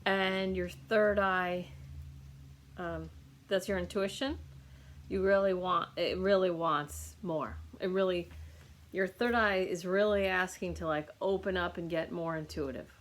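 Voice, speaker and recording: A woman's voice: fairly low pitch, steady tone, unhurried. A woman giving a casual, rambling recorded healing reading to a client, with lots of fillers and restarts. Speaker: energy healer reading for a client.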